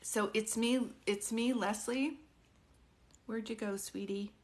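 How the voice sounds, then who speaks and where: A woman working as a psychic medium on a live stream who talks softly and gently, keeps asking questions, and speaks in a casual, chatty way. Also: a little high, fairly even intonation, slow pace. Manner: soft, consoling, often asks questions.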